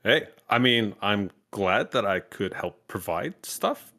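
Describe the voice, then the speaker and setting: Lively, bright-voiced man podcast guest. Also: lowish voice, takes it slowly. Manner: self-deprecating, laughs often. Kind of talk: casual podcast chat.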